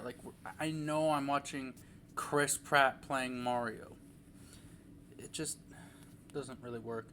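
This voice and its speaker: A man's voice: a little high, lively intonation, unhurried, pauses often, pushed and bright, a little hiss or hum. A young man giving a casual, rambling movie review, full of fillers and restarts.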